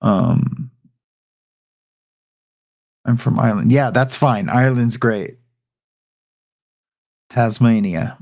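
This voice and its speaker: A middle-aged man hosts a livestream and chats loosely with his audience, drifting into a rambling story full of restarts and asides. His voice is mid-range and darkish, and he takes his time, pausing often.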